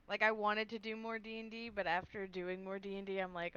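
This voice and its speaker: A woman player chatting candidly before a tabletop session, quick to laugh. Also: medium pitch, fairly even intonation, pushed and bright, clear, resonant tone. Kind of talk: casual chat. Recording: dull lo-fi mic.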